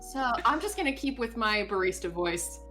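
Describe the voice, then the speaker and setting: A woman's voice: medium pitch, very animated, normal speed, pushed and bright, faint music behind. A woman from the United States chatting casually while playing a game on stream, joking, swearing and laughing often. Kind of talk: casual let's-play chat.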